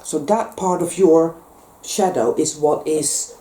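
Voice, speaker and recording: A woman's voice: deep voice, slow, warm tone. A woman giving an impassioned spiritual monologue. She is intense and emphatic, swears freely, and repeats her phrases for force. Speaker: spiritual vlogger. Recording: roomy echo.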